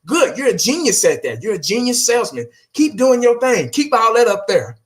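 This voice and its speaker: Brief: male channel host, high bright voice, blunt and profane, talks right at viewers. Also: big pitch swings, moderate pace. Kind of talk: casual solo rant.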